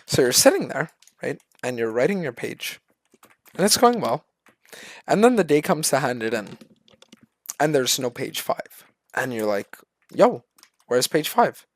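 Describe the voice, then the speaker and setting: A man's voice: mid-range voice, a little slow, pauses often, no room sound. A man streaming a profane, storytelling rant, acting out the people he quotes. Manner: animated, profane, acts out other people in quoted voices. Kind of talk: ranting storytelling.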